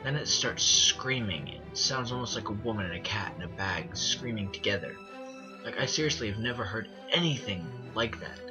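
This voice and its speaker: A man with a fairly low voice narrates a first-person horror story. He tells it earnestly, stumbling and restarting phrases and slowing down on the eerie details. The recording sounds dull and lo-fi, with a clear music bed under his voice. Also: expressive.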